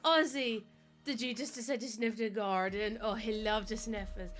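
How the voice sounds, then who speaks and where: A woman's voice: on the high side, fairly even intonation, moderate pace, fairly bright tone, soft background music. A woman live streamer chatting casually and giggling as she greets her chat.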